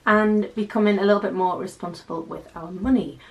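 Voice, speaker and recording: A woman's voice: medium pitch, fairly even intonation, moderate pace. A woman in her twenties with a North East English accent, chatting casually to her viewers with wry asides. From North East England. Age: 20s. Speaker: channel host. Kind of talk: casual chatty vlog unboxing.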